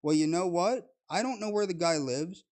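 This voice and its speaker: A man's voice: high voice, normal speed, a little mellow. A man in a clip from a vlog, ranting indignantly and defensively.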